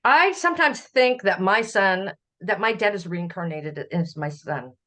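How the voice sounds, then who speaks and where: A middle-aged Canadian woman, a podcast guest, telling family memories in a relaxed conversational way, often laughing as she recalls. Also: medium pitch, a little slow. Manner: warm storytelling, laughs while recalling. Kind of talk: conversational interview.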